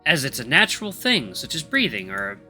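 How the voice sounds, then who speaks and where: A man voicing a young male wolf grandmaster who lectures in a calm, monotone way. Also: mid-range voice, brisk, faint music behind, exaggerated voice. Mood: lecturing.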